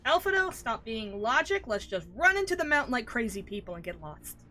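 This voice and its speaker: Female streamer, casual rambling commentary, cusses a lot, self-deprecating; bright, tense tone. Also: fairly high pitch, sing-song, fairly quick, hardly any pauses, faint music behind.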